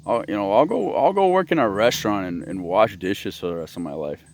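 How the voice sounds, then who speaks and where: A man voicing a resigned grown man who is settling for dull work, in a flat, defeated mumble. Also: lowish voice, fairly quick, a little hiss or hum, pitched below the performer's own voice.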